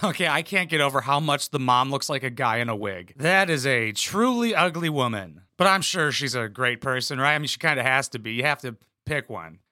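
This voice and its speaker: A man's voice: mid-range voice, brisk, hardly any pauses, no echo, soft background music. Crude sarcastic young man commentating. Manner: crude, sarcastic, deadpan jokes. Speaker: reaction commentator. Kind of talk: comedic commentary over a reality show clip.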